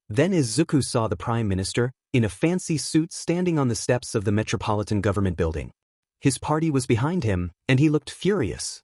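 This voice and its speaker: A man reading a fan fiction story aloud in a steady, even narration. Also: mid-range voice, brisk, no room sound, studio quality.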